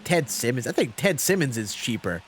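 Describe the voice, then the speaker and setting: A man's voice: medium pitch, sing-song, normal speed, slight background noise. A young man chatting casually on a live game stream, rambling with lots of fillers as he answers chat.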